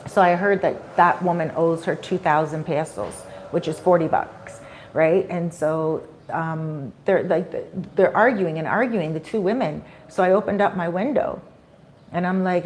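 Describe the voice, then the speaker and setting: A woman's voice: fairly low pitch, normal speed. A woman vlogger chatting casually on a live stream, telling a story with animation and acting out the people in it. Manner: animated storyteller who acts out quoted people.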